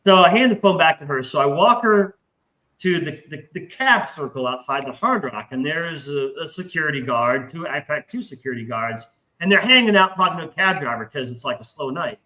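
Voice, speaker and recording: A man telling a long anecdote in casual podcast talk, profane and animated, acting out the voices in his story. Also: a little high, fairly quick, low-quality recording.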